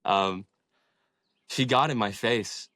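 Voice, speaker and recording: A man's voice: lowish voice, slow, sharp tone, no echo, clean studio sound. A young man in his twenties, a podcast guest, telling his story in a passionate, inspirational way and swearing freely. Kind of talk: casual storytelling in an interview.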